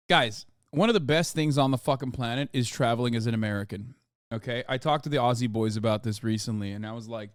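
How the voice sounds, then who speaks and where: A man hosting a live-stream reaction, talking in an animated, profane, ranting way. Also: mid-range voice, no echo, studio quality. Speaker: streamer host.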